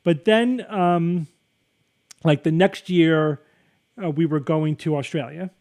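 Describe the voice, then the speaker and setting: A man's voice: fairly high pitch, steady tone, slow pace, darkish tone. A man hosting a casual livestream chat, telling a story in a rambling way with many restarts. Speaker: host.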